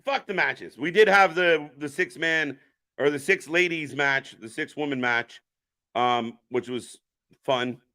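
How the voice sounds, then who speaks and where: Brief: male stream host, bright tone, rambling and profane, reads chat aloud. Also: on the high side, measured pace. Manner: profane, rambling, jokey, chats with viewers. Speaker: live stream host reacting to wrestling. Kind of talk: casual live commentary reading chat.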